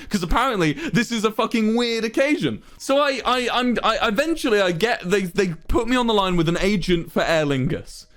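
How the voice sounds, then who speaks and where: A young man streaming and telling his chat a long story in an exasperated, swearing, animated rant. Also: high voice, moderate pace, hardly any pauses. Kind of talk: casual storytelling to a live chat.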